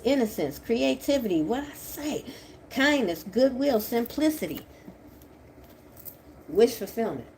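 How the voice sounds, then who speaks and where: Profane, confrontational woman reading tarot. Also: a little hiss or hum. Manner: profane, confrontational, swings from low mutter to shouting. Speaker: tarot reader. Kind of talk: angry tarot reading monologue.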